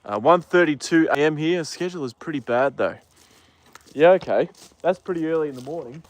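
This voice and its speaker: A man with an Australian accent, livestreaming from a paddock on his phone, chatting casually with viewers and talking gently to the horses. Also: fairly high pitch, fairly quick. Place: outdoor paddock.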